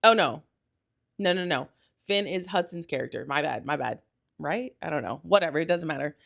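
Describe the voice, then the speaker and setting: A young woman hosting a solo podcast, chatting casually and gushing, rambling with lots of "like" and quick self-corrections. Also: deep voice, lively intonation, creaky, a bit bright. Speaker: podcast host.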